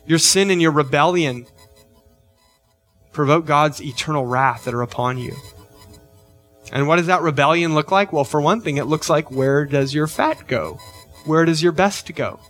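A man's voice: a little high, normal speed, long pauses, fairly bright tone, faint music behind. Earnest male pastor preaching. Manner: earnest, rising emphasis on key questions, frequent "right?". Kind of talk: sermon.

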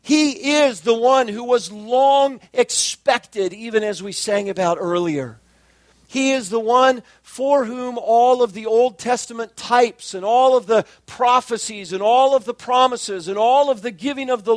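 A man preaching an expository sermon, measured and emphatic, slowing down to stress key phrases. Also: very high-pitched, no echo. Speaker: pastor.

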